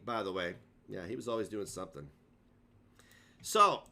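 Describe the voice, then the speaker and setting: A man's voice: low-pitched, expressive, slow, vocal fry, pauses often, sharp tone. Rambling, profane man telling stories. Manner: rambling, profane, self-mocking. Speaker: streamer. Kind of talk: casual storytelling rant.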